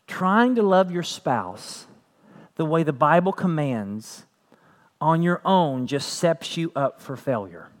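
A man preaching a sermon as pastor, earnest, repeating phrases and building to emphatic peaks. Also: sits high.

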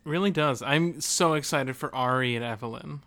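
A podcast co-host who drops deadpan jokes in casual chat. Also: mid-range voice, moderate pace.

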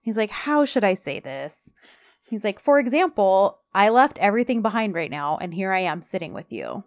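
A woman's voice: mid-range voice, big pitch swings, normal speed, dry recording. Chatty woman podcaster, dry sound. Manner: chatty storyteller, quotes characters. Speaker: podcast co-host. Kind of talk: casual chat recapping a TV show.

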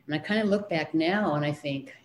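A woman's voice: low-pitched, a little fast, reverberant, slight background noise. A middle-aged woman, a children's librarian, recalling her studies in a casual interview, hesitant with many fillers and restarts.

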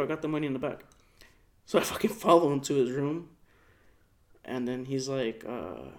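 A man's voice: mid-range voice, expressive, fairly quick, long pauses. A young man in casual chat, telling a rambling story full of swearing and lots of "like".

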